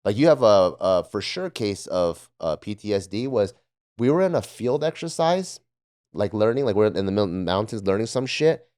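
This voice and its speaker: A former Marine with a low-side, slightly mellow voice speaks at a normal speed, his pitch swinging widely. As a podcast panelist he casually tells profane stories about military training, laughing often and imitating drill instructors.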